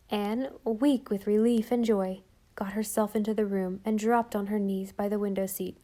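A woman narrating a storybook audiobook in a gentle, expressive way. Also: mid-range voice, normal speed. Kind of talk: scripted narration.

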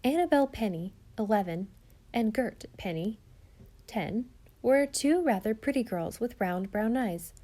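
Mellow-voiced woman narrating a story. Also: on the high side, expressive, a little slow. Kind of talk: audiobook narration.

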